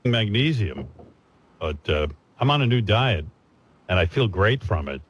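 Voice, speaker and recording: A man's voice: on the low side, sing-song, unhurried, husky. A man chatting casually on a radio show, rambling and self-mocking. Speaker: radio show host in a played clip.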